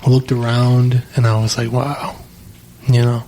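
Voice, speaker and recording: A mid-pitched young man hosts a casual podcast from a home basement studio. He is blunt and profane and drops "dude" often. A faint hiss sits under the voice. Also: monotone, normal speed, dark tone. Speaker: podcast host.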